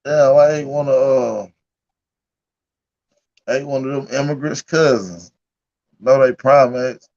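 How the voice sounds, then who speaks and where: A man's voice: medium pitch, dull audio. A man hosting a casual livestream, telling stories in a loose, profane, laughing way. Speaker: livestream host.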